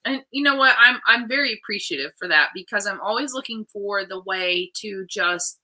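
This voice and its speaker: A woman's voice: mid-range voice, normal speed, rough recording. A woman hosting an interview show, chatting casually and acting out the voices of people in her stories. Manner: animated storytelling, acts out quoted voices. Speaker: host.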